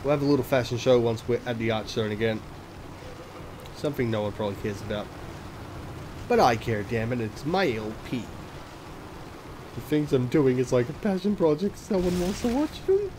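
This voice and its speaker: A man's voice: medium pitch, normal speed, long pauses, noisy background. Profane, chatty let's play man. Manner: profane, self-mocking, chatty asides. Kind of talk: casual gameplay commentary. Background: game music.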